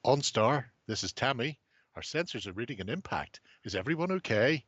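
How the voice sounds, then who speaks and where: A man's voice: mid-range voice, very animated, moderate pace, a bit bright, no echo. A man voicing a polite female operator for a car-assistance service, with courteous, clipped delivery. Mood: brisk. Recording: muffled lo-fi.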